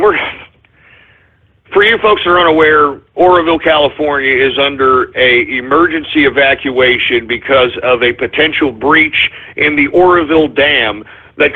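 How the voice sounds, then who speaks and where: A man hosting a live talk radio show, reading out listener names with exasperated, mock-angry rants and frequent swearing. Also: on the high side. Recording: tinny, phone-like lo-fi audio.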